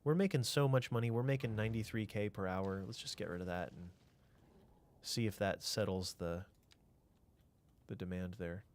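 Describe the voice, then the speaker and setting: A man's voice: on the low side, normal speed, long pauses, a little mellow, slight background noise. A man streaming a city-building game, thinking aloud in a casual way, answering chat and trailing off into mutters.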